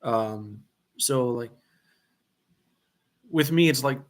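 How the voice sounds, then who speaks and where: Male livestream host, casual and apologetic, slow and drawn-out delivery, doing dishes at home. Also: medium pitch. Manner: rambling, apologetic, laughing. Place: home kitchen, washing dishes.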